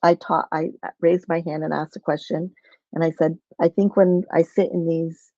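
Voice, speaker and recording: A woman's voice: low voice, little pitch movement, moderate pace, dark tone, dry recording, dull audio. A woman telling a personal story in a rambling way, with many restarts, on a video call. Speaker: guest.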